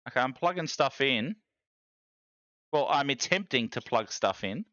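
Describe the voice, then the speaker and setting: A man's voice: mid-range voice, lively intonation, normal speed, sharp tone, dry recording, lo-fi sound. A man streaming live, chatty and self-mocking, thinking aloud while he fiddles with his gear.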